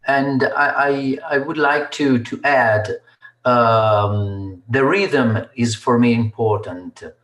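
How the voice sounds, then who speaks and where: A man, a student in an online English class, answering in a halting, unsure way. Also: medium pitch, fairly bright tone. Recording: echoey room.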